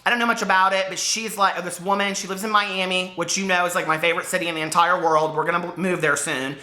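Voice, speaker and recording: A man's voice: high voice, fairly even intonation, fast talker, bright, forceful tone. An American man vlogging casually to camera about books, chatty and rambling with lots of asides. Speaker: book vlogger. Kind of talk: casual unboxing chat to camera. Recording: echoey room.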